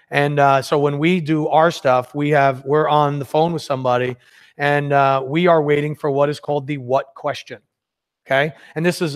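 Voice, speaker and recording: Brief: male workshop presenter, slightly high voice, lively and conversational, coaching a room on sales. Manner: energetic, conversational, acts out sales dialogues. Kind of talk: live workshop teaching.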